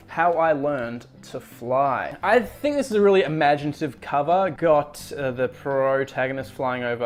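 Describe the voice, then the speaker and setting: A man's voice: fairly high pitch, a little mellow. A man hosting a casual spoken book review show, rambling and chatty, with lots of fillers, self-corrections and wry, amused asides.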